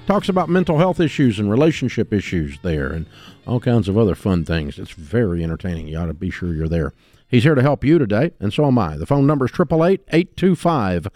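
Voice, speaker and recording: An older man hosting a call-in advice radio show, talking in an emphatic, folksy way that swings from booming to hushed. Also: no echo, studio quality. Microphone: studio microphone.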